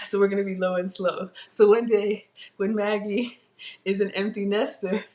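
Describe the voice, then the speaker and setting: A woman hosting a live home cooking class, chatty and self-teasing as she talks to viewers from her kitchen. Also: mid-range voice. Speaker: cooking show host.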